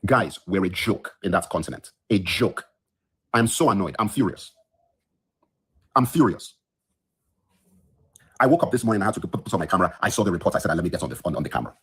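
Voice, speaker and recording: Fresh out of bed, a podcast host rants into his phone from his bedroom during a heated solo livestream. His low-pitched, husky voice races with hardly any pauses, indignant and emphatic, repeating lines for effect.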